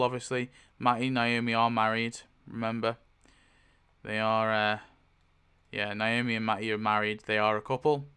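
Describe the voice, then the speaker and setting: Man, casual solo tabletop game narrator, thinks aloud, lots of ums and restarts, bright crisp voice. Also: mid-range voice. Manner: thinking aloud, frequent fillers and self-corrections.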